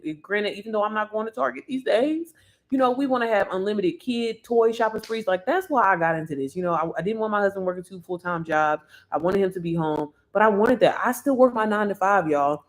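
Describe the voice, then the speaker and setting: Chatty hyped woman coaching online. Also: medium pitch. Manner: chatty and hyped, calls viewers girl and sis. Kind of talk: casual livestream sales talk.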